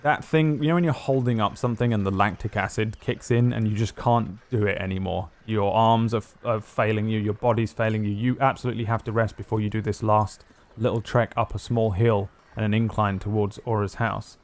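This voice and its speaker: A low-voiced man running a tabletop game as game master. He narrates loosely, rambling along with lots of ums and restarts. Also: fairly even intonation, brisk. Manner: loose, rambling, many fillers.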